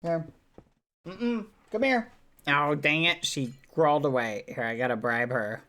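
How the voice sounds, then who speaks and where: A man's voice: fairly high pitch, measured pace, pushed and bright. A man streaming casually, chatting to viewers while coaxing his dog. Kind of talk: casual livestream chat.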